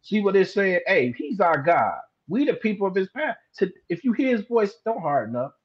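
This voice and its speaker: A man teaching scripture in a relaxed, colloquial way on a live streamed Bible discussion, drawing out words for emphasis. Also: high-pitched, brisk, slightly rough. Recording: dull lo-fi live stream audio.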